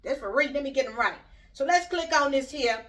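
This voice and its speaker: A middle-aged woman hosting her own YouTube vlog rambles bluntly straight to her viewers in a casual opinion video. Her high voice has lively intonation, a brisk pace, and a fairly bright tone, and she sounds far from the mic.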